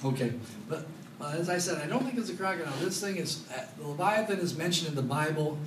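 A man preaching a Bible study sermon to a congregation, talking in a lively, joking way. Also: fairly high pitch, fast talker, noisy background. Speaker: pastor. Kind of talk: expository Bible teaching. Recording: echoey room, mic at a distance.

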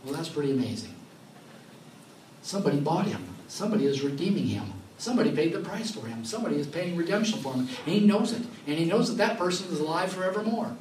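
A man preaching a sermon, lively and laughing often, acting out the voices in his stories. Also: a little high, fast talker, slight background noise. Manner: animated, laughing often, acts out quoted voices. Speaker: pastor. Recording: roomy sound from far off, faint ambience.

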